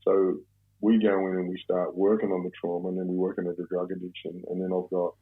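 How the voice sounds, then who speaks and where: A middle-aged Australian man talks quickly and rambles through his stories, swearing freely. His voice sits very low and sounds husky. It comes through a tinny phone line. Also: completely flat delivery. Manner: rambling, heavy swearing, blokey. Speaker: podcast guest. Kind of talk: casual storytelling interview.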